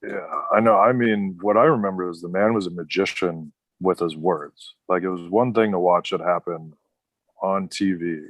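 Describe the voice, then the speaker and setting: A man's voice: deep voice, moderate pace, no echo. A man, a former wrestler, telling casual stories as a podcast guest, full of "like" and restarts. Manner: rambling, heavy use of "like".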